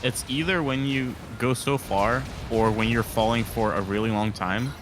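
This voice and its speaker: A man's voice: mid-range voice, fairly even intonation, moderate pace, noisy background. A man co-commentating a live game stream with dry, offhand remarks. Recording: game music playing behind the voice.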